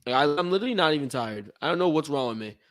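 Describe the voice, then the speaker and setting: A man's voice: fairly high pitch, animated, racing, a bit bright. A young man co-hosting a sports livestream, chatting casually and rambling while he waits for his partner, yawning now and then. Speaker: podcast co-host.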